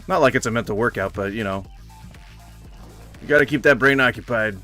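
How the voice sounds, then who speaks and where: A man's voice: medium pitch, a little fast, bright, forceful tone, faint music behind. A man giving casual gameplay commentary in a rambling manner, swearing freely and yelping suddenly. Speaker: gaming YouTuber.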